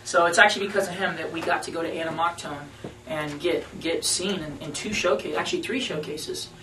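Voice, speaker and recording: Animated man telling a story in a roomy room. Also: a little high, fairly quick. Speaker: band member, guest. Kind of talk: casual storytelling interview. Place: radio station conference room. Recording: roomy room, mic at a distance, faint noise.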